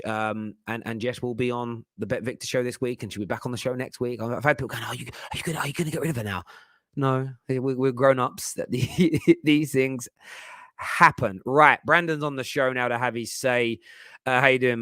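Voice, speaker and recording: A man's voice: medium pitch, steady tone, moderate pace, a bit bright, clear, resonant tone, no echo, clean studio sound. Chatty man in his thirties. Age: 30s. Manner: chatty, laughs often, rambling asides. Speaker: host. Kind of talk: casual chat.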